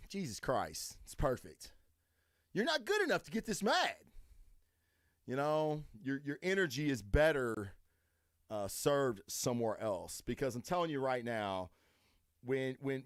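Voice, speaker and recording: A man's voice: medium pitch, no echo, clean studio sound. A man hosting a podcast, telling a story as a casual, profane rant and acting out his own lines as he goes. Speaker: podcast host.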